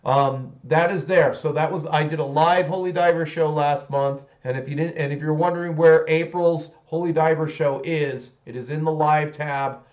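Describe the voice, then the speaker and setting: A man hosts a hobby livestream in loose, casual chat. His voice sits a little high for a man. He rambles and restarts his sentences, and he speaks bluntly. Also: fairly even intonation, normal speed, hardly any pauses, a little mellow, highs cut off. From United States. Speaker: hobby channel host.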